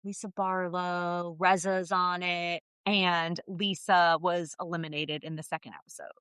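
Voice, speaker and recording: A woman's voice: fairly low pitch, level tone, measured pace, a bit bright, clear, resonant tone, dry recording. A woman co-hosting a podcast, chatting casually about reality TV, agreeable and trailing off mid-thought. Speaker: podcast co-host. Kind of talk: casual reality-TV recap chat.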